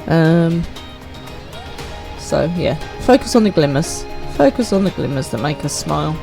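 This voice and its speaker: A woman's voice: sits low, very animated, measured pace, vocal fry, mellow, faint music behind. Lady streamer chatting away with chat, voice bouncing all over, upbeat, reacting to the game. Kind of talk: live gameplay commentary chatting with viewers.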